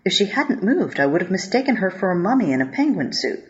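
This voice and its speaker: A woman reading a first-person story aloud with a wry, deadpan manner. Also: mid-range voice, quick pace. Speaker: narrator. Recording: dull lo-fi audio.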